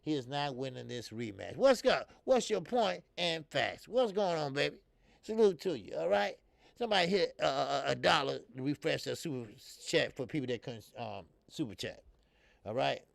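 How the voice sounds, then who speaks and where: A man's voice: a little high, expressive, moderate pace, creaky, dry recording. A middle-aged man hosting a boxing live stream, chatting loosely and greeting viewers by name. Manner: loose and chatty, shouts out viewers, many fillers. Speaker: boxing livestream host. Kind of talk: casual live-stream chat.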